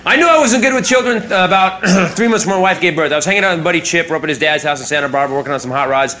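A man's voice: a little high, racing, pushed and bright, slight background noise. A man telling a laid-back stand-up story, peppered with "uh" and "man". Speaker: stand-up comedian.

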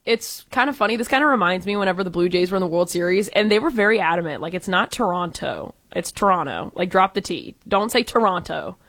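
Lively woman talking sports. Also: medium pitch, dry recording. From Texas, USA. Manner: lively, opinionated, quick asides. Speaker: radio co-host. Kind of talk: casual sports talk.

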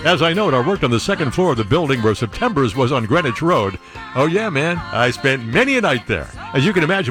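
A man's voice: mid-range voice, very animated, brisk, over music. A man working as a radio disc jockey, bantering live and reading listener messages with playful, wisecracking asides.

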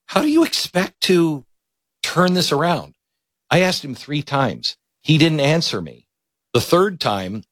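A male talk host speaks earnestly, often pausing to search for a word. His voice sits at a middle pitch. The sound is dry and close. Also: fairly bright tone, dry recording. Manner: earnest, searching for words, retelling conversations. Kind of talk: political monologue.

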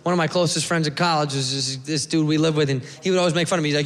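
A man doing a loud, profane stand-up set, talking straight to the audience. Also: a little high, racing. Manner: loud, profane, animated, talks to the crowd. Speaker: stand-up comedian. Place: comedy club stage. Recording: echoey club with laughing crowd.

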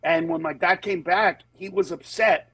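A man's voice: moderate pace, husky, no room sound, rough recording. A man who works as a comedian, telling stories in a candid conversation and acting out the people in them. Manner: animated storyteller, acts out voices with big pitch jumps. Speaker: comedian guest.

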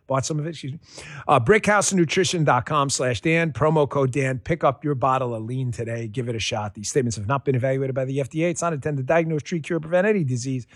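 A man's voice: fairly high pitch, no room sound, studio quality. A middle-aged man giving a folksy, emphatic spoken radio ad about his own experience. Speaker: product endorser.

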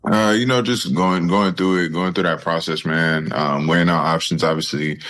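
A young man in his twenties, a football player guest talking casually in an interview, relaxed and full of fillers. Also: deep voice, moderate pace. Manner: relaxed, laid-back, lots of fillers.

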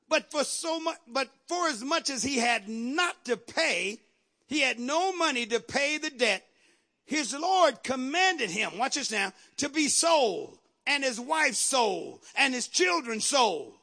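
A man preaching a sermon with emphatic repetition and sudden shouted lines. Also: very high voice, very animated, slow. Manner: emphatic, repeats phrases, bursts into shouts.

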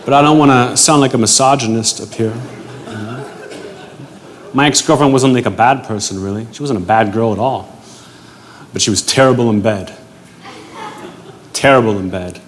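A man performing a stand-up set on a club stage, delivering dark punchlines in a dry, deadpan way. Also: medium pitch, normal speed, pauses often, big-room sound. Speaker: stand-up comedian. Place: comedy club stage with a live audience. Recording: noisy live club recording.

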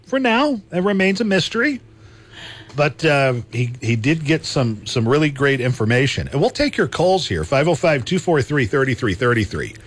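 A man's voice: medium pitch, lively intonation, moderate pace, hardly any pauses, breathy edge. Male talk radio host, casual and chatty, easy laugh. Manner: chatty, laughs easily, repeats himself.

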